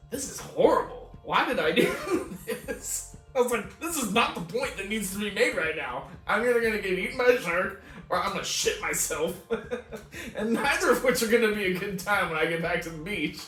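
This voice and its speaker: A man's voice: sits high, fairly quick. A man co-hosting a podcast, telling a long casual story with frequent laughs and free swearing. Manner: laughs often, swears freely, animated retelling. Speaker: podcast co-host. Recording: roomy echo, distant mic, faint music.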